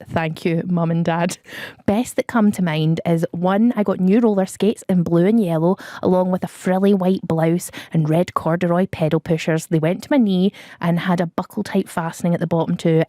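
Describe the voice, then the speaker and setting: A woman's voice: lowish voice, dark tone, dry recording, studio quality. A woman presenting a radio show, chatting casually, reading out listener messages and joking with her co-host. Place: radio studio.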